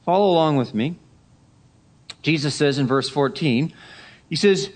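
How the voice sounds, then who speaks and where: A man preaching a Sunday sermon, emphatic, repeating key phrases and dropping to a hush for effect. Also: a little high, measured pace, long pauses. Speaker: pastor.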